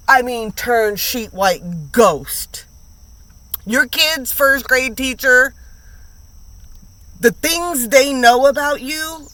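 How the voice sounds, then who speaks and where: A woman reads tarot in a casual, unscripted way, with a bright, sharp edge to her voice. She talks bluntly, piles up slang and swearing, and hammers her points home by repeating them. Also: mid-range voice, no room sound. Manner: emphatic, blunt, repeats lines for emphasis; slangy and profane. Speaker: tarot reader.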